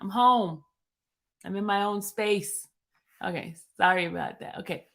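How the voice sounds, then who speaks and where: A woman talks to her viewers from home in an unhurried, easygoing way. She calls them y'all and keeps things loose and chatty. Her voice sits at an ordinary pitch. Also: creaky, fairly bright tone. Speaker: livestream host. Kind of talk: casual chat to viewers.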